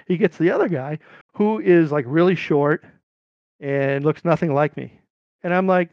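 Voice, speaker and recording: A middle-aged man from California casually telling a long, rambling story, his voice jumping up high when he quotes people. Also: normal speed, no room sound, highs cut off. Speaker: podcast guest.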